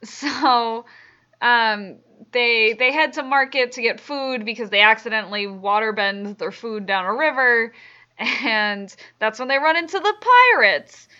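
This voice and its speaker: A woman's voice: a little high, a little slow, bright, forceful tone, clear, resonant tone, highs cut off. A woman co-hosting a podcast, recapping episodes in casual, giggly chat full of ums. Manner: chatty, giggly, many ums. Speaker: podcast co-host.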